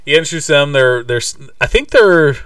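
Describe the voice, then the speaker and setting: A man's voice: fairly high pitch, animated, moderate pace, a bit bright, no echo, clean studio sound, distant mic. A man co-hosting a podcast, retelling a movie scene by scene in casual chat, with lots of fillers and restarts. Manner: rambling, many fillers and restarts. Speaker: podcast co-host.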